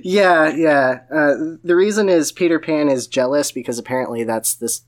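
A podcast host recapping a novel in casual chat, animated and laughing often. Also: medium pitch, moderate pace. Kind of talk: casual comedic book recap.

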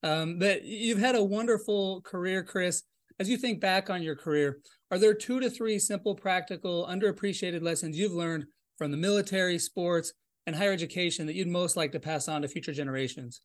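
Fast, high-voiced male podcast host. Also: no room sound, clean studio sound. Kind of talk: scripted intro, then interview questions.

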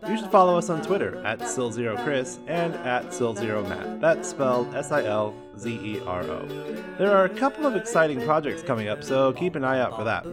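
A man's voice: mid-range voice, big pitch swings, a little fast. A man reading the show's closing announcement in an upbeat promotional tone. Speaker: host. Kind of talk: show outro announcement. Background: loud guitar music.

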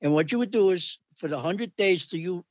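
An older man rambles through old army stories and animatedly acts out the people he quotes. His voice sits a touch high. The recording is dull and dry. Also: brisk, no room sound. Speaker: storyteller recalling army days. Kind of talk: casual anecdote.

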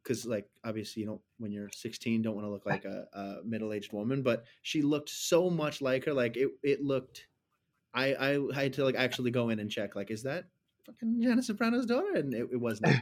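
A man talking casually about a movie with friends. He rambles, gets animated and drops mocking asides. His pitch sits in a middle range for a man. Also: normal speed. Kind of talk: casual film discussion.

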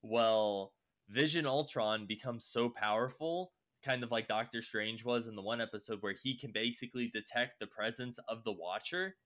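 A man's voice: mid-range voice, moderate pace, a bit bright. A young man casually recapping a show, rambling with lots of fillers and swearing. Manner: rambling, heavy use of "like" and swearing.

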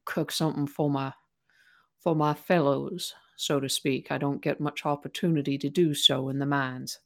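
Woman playing a deadpan cook lady from the mines, low voice, calls you darling. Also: moderate pace, gravelly, no echo. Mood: dry. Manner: dry, matter-of-fact, says darling. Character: matter-of-fact female cook from the mines.

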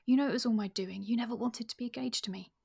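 A woman reading aloud the part of a tearful, remorseful young woman, in a soft, hushed voice. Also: on the high side, quick pace, creaky, slightly rough, pitched above the performer's own voice.

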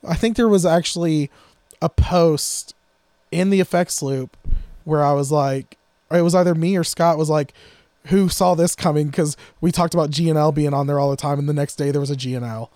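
Rambling jokey man, mellow dry voice. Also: fairly high pitch, steady tone, fairly quick, no room sound. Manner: rambling, jokey, trails off into mutters. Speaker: podcast co-host. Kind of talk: casual chat about guitar gear.

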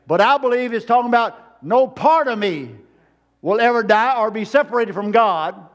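A man's voice: very high-pitched, lively intonation, normal speed, a bit bright. A man preaching a sermon to a congregation, driving points home with repeated phrases and calling for amens.

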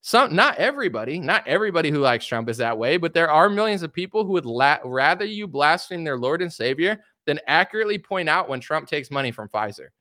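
Sarcastic, animated young man ranting. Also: on the high side, brisk, few pauses, no room sound, clean studio sound. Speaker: political commentator. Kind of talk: opinionated commentary livestream.

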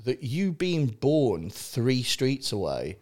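Guy on a podcast, swears a lot, jokey and blunt, ordinary pitch. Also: very animated, slow pace, a little mellow. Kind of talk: casual chat.

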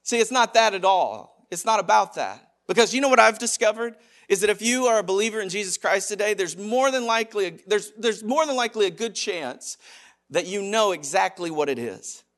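This is a pastor delivering a sermon in a high voice. His style is loose and conversational, moving between animated stretches and sudden quiet, gentle asides to the congregation.

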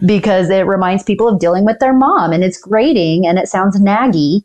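A woman, a dental attorney, explaining negotiation tactics in an earnest, measured way as an interview guest. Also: mid-range voice, darkish tone. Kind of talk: casual interview talk.

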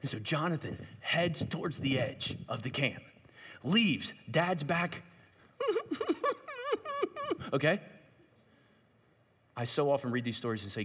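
A man preaching a sermon, retelling a story with lively asides to his listeners. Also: medium pitch, takes it slowly, long pauses, husky. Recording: long hall reverb.

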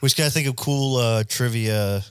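A man's voice: medium pitch, normal speed, clean tone, no echo, clean studio sound. A young man hosting a podcast, telling rambling, crude, jokey stories in casual chat. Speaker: podcast host.

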